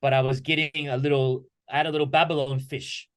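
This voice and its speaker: A man guesting on a podcast, talking lively and acting out questions and quotes as he tells stories about training. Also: mid-range voice, brisk. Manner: animated storyteller who acts out quoted questions. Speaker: podcast guest, martial arts instructor. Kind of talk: conversational podcast talk.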